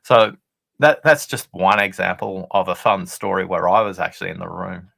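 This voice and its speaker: A guest author on a leadership show narrates a story conversationally over video call, earnest and explanatory, dramatizing quoted dialogue. He speaks at normal speed in a low-pitched, gravelly voice that sounds pushed and bright.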